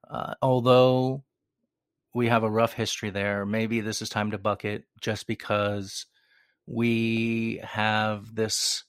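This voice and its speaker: Male co-host, meandering casual talker, lowish voice. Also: no room sound, studio quality. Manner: rambling, with frequent restarts and chuckles. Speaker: podcast co-host. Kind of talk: casual chat.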